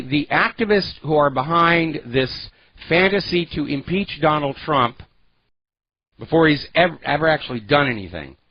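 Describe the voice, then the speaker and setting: A man's voice: on the high side, lo-fi sound. A man hosting a political talk radio show, delivering an opinionated, sarcastic monologue with heavy emphasis.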